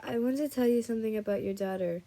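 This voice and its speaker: A tired woman reading a young man's lines in a fan fiction story, slowly and with frequent restarts. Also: on the high side, dark tone, close to an everyday voice. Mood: earnest.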